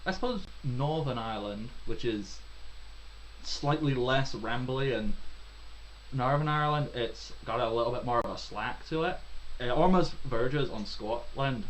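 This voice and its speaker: A man's voice: medium pitch, slight background noise, rough recording. Rambling man running a tabletop game. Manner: rambling, self-deprecating, swears casually. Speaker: game master. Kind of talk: narrating a tabletop game, casual chat.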